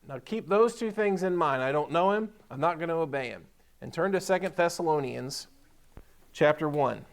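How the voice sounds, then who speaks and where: A man with a slightly raised pitch preaching from the pulpit of a church. He leans hard on repeated phrases and reads scripture aloud between his own comments. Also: lively intonation, normal speed, creaky. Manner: preaching with emphatic repetition, reading scripture aloud. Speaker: pastor. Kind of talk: sermon. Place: church sanctuary.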